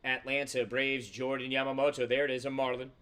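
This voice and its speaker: Host, male, smooth clear voice, flat delivery, casual and profane card-break chatter. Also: mid-range voice, fairly quick. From Central Florida. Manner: casual, swears freely, rattles off player names. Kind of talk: live box break commentary.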